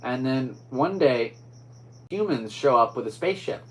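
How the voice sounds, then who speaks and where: A man's voice: medium pitch, animated, moderate pace, poor audio. A man hosting his own podcast alone, talking in a rambling, easygoing way with upbeat sign-offs. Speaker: podcast host. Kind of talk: casual solo podcast chat.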